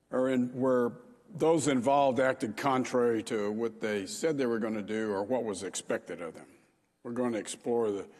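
A male pastor preaches in a relaxed, conversational way, stopping for small fillers as he goes. His voice is husky and mid-pitched, with a long reverb hanging in the church hall. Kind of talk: sermon.

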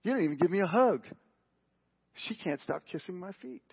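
A gentle, probing Jesus, played by a preacher, who asks his questions quietly and evenly. He speaks in a husky, subdued voice, dropping his volume. The sound is muffled, like a lo-fi live stream. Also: sits high, animated, normal speed, heavily acted. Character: calm, gently probing Jesus, adult man.

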